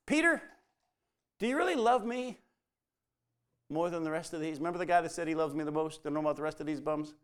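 A man's voice: on the high side, completely flat delivery, rapid-fire, few pauses, darkish tone, clear, resonant tone. A man preaching a sermon, telling the story and acting out the quoted lines as dialogue.

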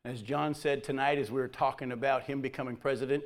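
A man giving a conversational sermon who acts out the quotes and drops to a soft voice near the end. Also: medium pitch, fairly even intonation, quick pace. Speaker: preacher.

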